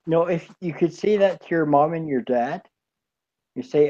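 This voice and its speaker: A man in a casual group chat, talking haltingly and searching for words with many fillers. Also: on the high side, dark tone, muffled recording. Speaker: chat participant.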